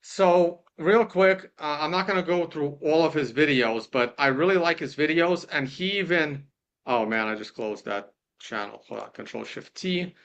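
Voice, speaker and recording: A man's voice: a little high, moderate pace, a bit bright, highs cut off. A man hosting, casually talking through videos on his screen, rambling with many restarts. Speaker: host. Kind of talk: casual screen-share commentary.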